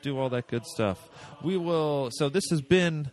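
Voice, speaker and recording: A man from the Boston area hosting a podcast in casual, halting chat full of fillers. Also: fairly high pitch, darkish tone. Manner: chatty, halting, lots of fillers. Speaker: podcast host.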